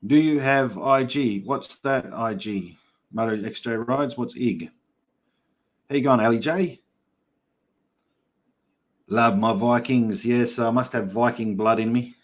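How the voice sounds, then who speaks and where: A middle-aged Australian man runs a laid-back livestream, reading comments and telling stories in a yarning style. He speaks in a mid-range voice at a slow pace, leaving long pauses.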